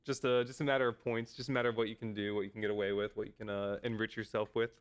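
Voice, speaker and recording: Speaking rapid-fire in a smooth, fairly low voice with flat delivery, a man streams casually from home. He talks playfully to his dog, reads aloud into a desk microphone and laughs a lot.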